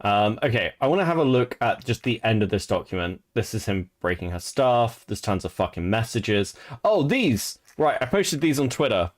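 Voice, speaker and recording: A man's voice: fairly low pitch, lively intonation, fairly quick, few pauses. A man hosting casual commentary, blunt and sarcastic, swearing freely. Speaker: commentary host.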